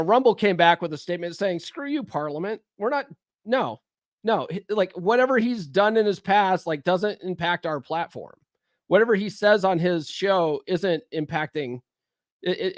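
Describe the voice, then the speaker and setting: A man's voice: high voice, dry recording, studio quality. A man hosting a casual livestream, rambling and conversational, recovering from a cold. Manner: rambling, conversational, frequent fillers and restarts. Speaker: livestream host.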